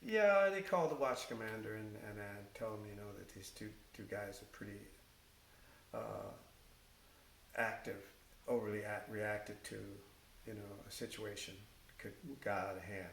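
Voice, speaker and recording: A middle-aged or older man, a former firefighter, recounting his career in oral-history storytelling. He speaks haltingly, with many fillers and restarts. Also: lowish voice, vocal fry. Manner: halting, with many fillers and restarts, animated when quoting others. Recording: echoey room with faint hiss.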